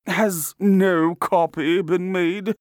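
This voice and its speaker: A pompous, haggling artist, done by a male narrator in a high, drawn-out voice. He speaks slowly and suspiciously. It is a dry, close storybook reading. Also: steady tone, no echo.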